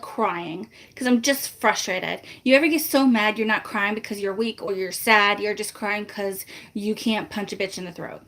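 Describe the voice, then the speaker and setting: A woman's voice: medium pitch, a bit bright. A woman vlogger chatting casually to live viewers, animatedly retelling a frustrating phone dispute and acting out both sides of the calls. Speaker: family vlogger.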